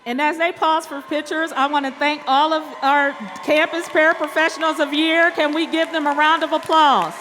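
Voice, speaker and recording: A high, bright woman's voice, calling out names at a school awards assembly. She reads each name slowly into a microphone, and her voice rings through a large reverberant hall with faint room noise behind it. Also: level tone, a faint crowd. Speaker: awards announcer.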